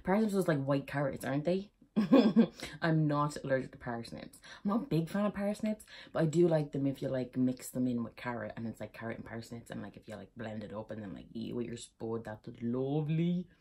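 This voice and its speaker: A woman's voice: extremely low pitch, animated, a little fast, mellow, a little hiss or hum. A young Irish woman chatting casually in a vlog, giggly and rambling, laughing often. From Ireland. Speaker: YouTuber.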